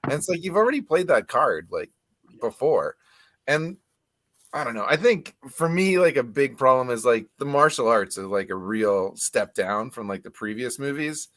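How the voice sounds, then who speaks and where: A man's voice: mid-range voice, expressive, moderate pace, fairly bright tone, no room sound. A man hosting a casual film review chat, talking loosely with lots of "like" fillers. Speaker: podcast host.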